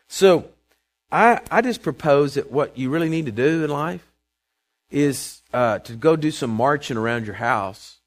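A man, preaching a sermon to his congregation, emphatic and calling for responses, swinging between loud proclamations and quiet asides. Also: fairly high pitch, animated, measured pace. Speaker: pastor. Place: church sanctuary before a congregation.

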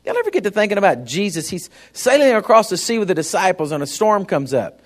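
A man's voice: sits high, very animated, fast talker, hardly any pauses. A man preaching a sermon in a folksy, conversational way, often turning to the congregation with asides.

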